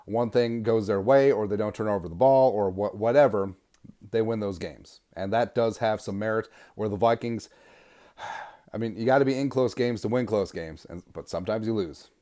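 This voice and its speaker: A man hosting a sports podcast, delivering an energetic, sarcastic fan rant. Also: on the low side, moderate pace. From Minnesota. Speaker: podcast host.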